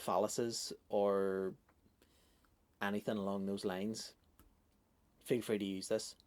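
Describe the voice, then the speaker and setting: A man's voice: lowish voice, level tone, slow pace, a little mellow. Sweary, self-mocking man. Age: 30s. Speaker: comedian podcast host. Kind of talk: rambling solo podcast talk.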